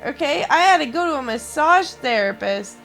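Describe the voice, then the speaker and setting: Woman streamer, high voice, angry and foul-mouthed, faint music behind. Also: expressive, moderate pace, creaky, a bit bright. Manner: angry, heavy swearing. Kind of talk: casual venting chat.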